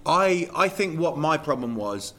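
A man's voice: fairly high pitch, very animated, unhurried, pushed and bright. A man hosting a podcast, chatting casually and bantering with his guest, often slipping into voices as he tells stories. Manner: bantering, jokey, slips into quoted voices. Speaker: podcast host; comedian. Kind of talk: casual interview chat.

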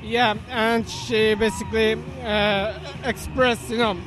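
Halting high-voiced man over loud music. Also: little pitch movement, poor audio. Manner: hesitant, halting, many fillers. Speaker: parade attendee. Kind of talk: street interview. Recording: street with loud music behind.

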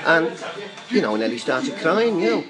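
A man's voice: on the high side, sing-song, normal speed, over music, poor audio. An older man telling a long, chatty, rambling story as a guest on a talk show. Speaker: guest fan. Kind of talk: casual storytelling.

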